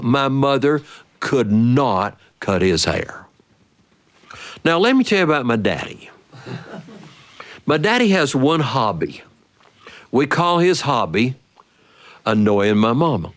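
A middle-aged man tells a childhood story to young listeners in a playful, animated way. His pitch swoops and lifts freely, sitting at an ordinary middle height. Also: takes it slowly, pauses often.

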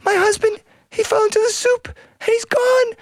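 A fretful young butterfly bride wails in a very high, quavering voice, as a male storyteller puts her on. She sounds like a storybook character, with every word pushed up into a near-squeal. The voice is close and dry. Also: animated, unhurried, dry recording. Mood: wailing. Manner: high, wailing, dramatic.

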